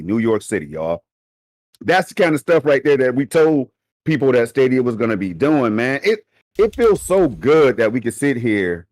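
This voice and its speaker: A man co-hosting a livestream gaming podcast in animated, slangy banter, often laughing as he talks. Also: medium pitch, dry recording. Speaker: podcast co-host. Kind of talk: casual livestream podcast talk.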